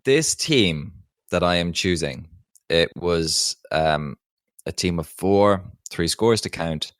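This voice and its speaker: Low-voiced enthusiastic male podcast co-host. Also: expressive, slow, a bit bright, no room sound, studio quality. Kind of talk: casual podcast chat.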